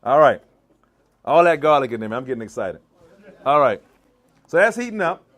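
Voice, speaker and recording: A man from Maryland giving an animated live cooking demonstration in a church hall, teasing and quizzing his audience. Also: mid-range voice, a little fast. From Maryland, US East Coast. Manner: animated, teasing, asks the crowd questions. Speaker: chef giving a cooking demo.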